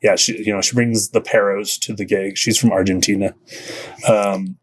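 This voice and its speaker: A man's voice: lowish voice, fairly even intonation, moderate pace. A man who plays in a band, talking casually in an interview, rambling with many restarts and laughing between phrases. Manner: rambling, full of "you know" and restarts. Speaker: band musician, podcast guest.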